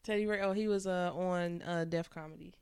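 A woman's voice: fairly low pitch, steady tone, fairly quick, a little mellow, clear, resonant tone. Frank, laughing young woman podcaster. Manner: frank, laughs a lot, swears casually. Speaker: podcast co-host. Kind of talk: casual chat.

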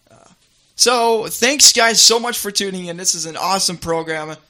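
A man's voice: high voice, moderate pace, bright, forceful tone. A man co-hosting a radio show, bantering casually in a jokey, teasing way and tripping over repeated words.

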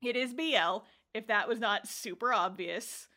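A woman talking on a podcast with a loose, rambling flow, full of "um"s, "like"s and casual swearing. Her voice is bright and sharp and sits somewhat high. She laughs often between thoughts. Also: moderate pace. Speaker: podcast co-host. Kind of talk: casual chat.

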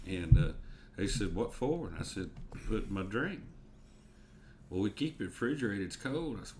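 A man's voice: on the low side, expressive, moderate pace, long pauses, a little mellow, a little hiss or hum. A man, telling a story in laid-back, casual chat.

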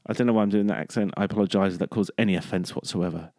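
A man's voice: on the low side, rapid-fire, a little mellow, no echo, clean studio sound. A man co-hosting a casual football podcast, joking and rambling as he talks. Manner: joking, rambling, laughs at his own jokes. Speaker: podcast co-host.

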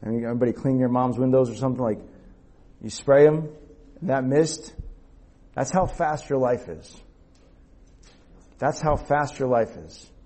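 A man preaching a youth sermon, telling a lively personal story and checking in with his listeners as he goes. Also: medium pitch, a little slow, long pauses. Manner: animated storyteller, acts out shouted quotes, rhetorical "okay?" and "all right?".

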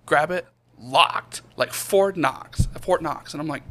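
A man's voice: fairly high pitch, a little slow, hardly any pauses, slight background noise. A young man casually telling a story on a podcast, acting out the voices of the people in it. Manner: animated storyteller acting out quotes. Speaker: podcast co-host.

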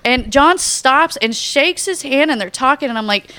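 A woman excitedly telling a story in casual chat, laughing often and acting out what people said. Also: high-pitched, moderate pace, clear, resonant tone, no echo.

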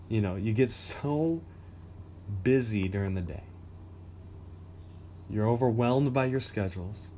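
A man's voice: medium pitch, a little hiss or hum. A man hosting a faith podcast, talking casually in an upbeat, encouraging way and chuckling often. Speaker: podcast host.

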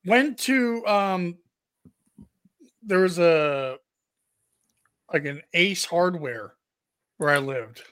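High, bright-voiced man telling crude stories. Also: very slow, long pauses, smooth, dry recording, studio quality. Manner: rambling, profane, animated. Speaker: podcast co-host. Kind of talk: crude casual storytelling.

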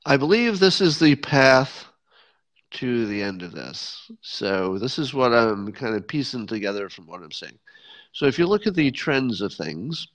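A man's voice: mid-range voice, very animated, a little slow, a bit bright. A man hosting a podcast in casual solo commentary, wry and sardonic, often restarting sentences. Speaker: podcast host. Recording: dull lo-fi sound.

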